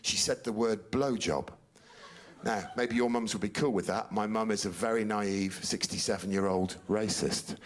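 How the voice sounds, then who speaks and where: A man in his forties doing a stand-up routine, deadpan storytelling that builds to outraged shouts. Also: on the low side, normal speed. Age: 40s. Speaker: stand-up comedian. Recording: noisy stand-up recording.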